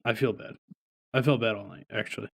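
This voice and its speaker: A man's voice: lowish voice, fairly even intonation, fairly quick, creaky, fairly bright tone, breathy edge. Profane, laughing podcast co-host man. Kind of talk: casual podcast chat.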